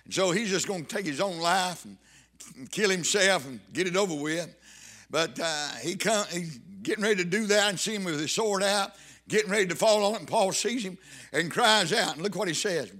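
A man's voice: high voice, fairly quick, pushed and bright. A man preaching a sermon, fervent and emphatic, repeating phrases for weight. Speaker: pastor.

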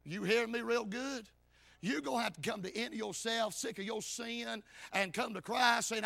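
A man preaching a hollering revival sermon in church, shouting and punctuating every line with amen and hey. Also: high-pitched, a little fast, creaky, no echo.

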